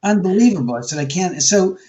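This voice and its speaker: Animated New York man telling a story. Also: high voice, fairly quick. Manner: animated, acts out quoted voices. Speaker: guest, homeowner and author. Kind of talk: casual storytelling interview.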